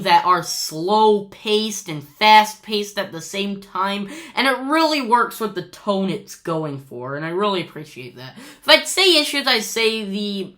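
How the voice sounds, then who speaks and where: A woman vlogs her thoughts on a movie in a bright, sharp voice. She talks slowly and loosely, full of "um"s and restarts, bursting into gushing praise. It sounds like an unscripted, casual chat to the camera. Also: medium pitch. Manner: gushing and rambling, with many fillers and restarts. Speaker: movie review vlogger.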